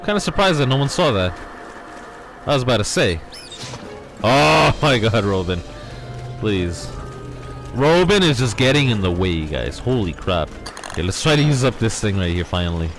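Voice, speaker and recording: A man giving casual, excitable let's-play commentary, talking to his viewers with frequent exclamations. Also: mid-range voice, a little hiss or hum. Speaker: gaming YouTuber.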